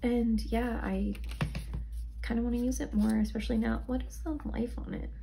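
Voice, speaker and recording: A woman's voice: on the high side, steady tone, moderate pace, creaky, mellow, a little hiss or hum. A young woman casually reviewing products, chatty and rambling, sounding tired. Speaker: beauty vlogger.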